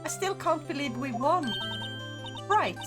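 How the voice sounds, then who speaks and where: A woman's voice: high voice, animated, measured pace. A woman voicing an earnest young male defense lawyer in a game, a little exasperated, over game music.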